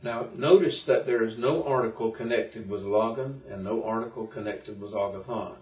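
A man's voice: lowish voice, normal speed. A man teaching a Greek lesson in an informal classroom. He explains patiently as he thinks aloud, with frequent restarts. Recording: muffled and roomy, from far off.

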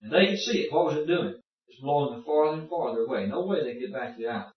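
A man's voice: mid-range voice, lively intonation, racing. A man leads a Bible class in a folksy, explanatory way, stopping to ask his students questions. He sounds far from the microphone, and the room is very echoey. The recording is muffled. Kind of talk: informal Bible study lesson.

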